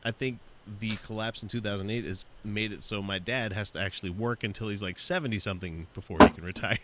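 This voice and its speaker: A man's voice: fairly low pitch, a little fast, hardly any pauses, very noisy. A man co-hosting a podcast, chatting casually and mocking sarcastically, often laughing. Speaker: podcast co-host. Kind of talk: casual profane chat.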